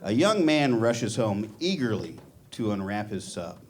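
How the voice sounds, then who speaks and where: Deadpan man doing stand-up. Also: lowish voice, unhurried, slight background noise. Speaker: stand-up comedian. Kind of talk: stand-up comedy set. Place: comedy club stage. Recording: live club audience. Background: laughing audience.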